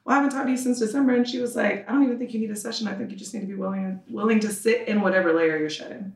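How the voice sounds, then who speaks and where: Animated woman guest in a roomy room. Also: mid-range voice, rapid-fire. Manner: animated, acts out quoted dialogue, laughs often. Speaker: podcast guest. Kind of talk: candid conversational storytelling. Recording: roomy room, distant mic.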